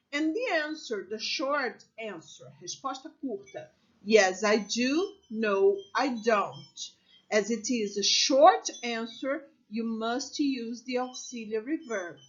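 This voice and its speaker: Slow, patient woman English teacher. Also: fairly high pitch, muffled recording. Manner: patient, repeats examples and checks with "okay?". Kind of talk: slow, deliberate classroom explanation.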